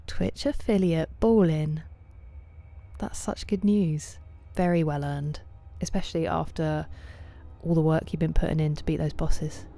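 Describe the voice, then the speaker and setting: A woman with a low voice chats with her stream viewers from a home setup at night. She greets people by name and answers their comments, her tone often sinking to a soft half-whisper. The close mic keeps her mellow, relaxed timbre right up front. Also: unhurried, gravelly, no room sound. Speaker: livestreamer. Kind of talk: casual chat with viewers while gaming.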